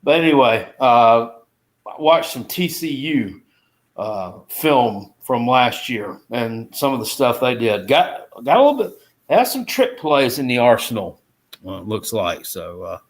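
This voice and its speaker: A man's voice: mid-range voice, very animated, measured pace. A man co-hosting a casual sports chat show, rambling in an easygoing way. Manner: rambling, easygoing, many fillers. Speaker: co-host.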